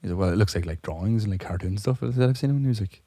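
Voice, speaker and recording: A man's voice: fairly low pitch, very fast, mellow, no echo, clean studio sound. A hungover man casually telling a long joke with lots of swearing, laughing at his own punchlines. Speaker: podcast co-host.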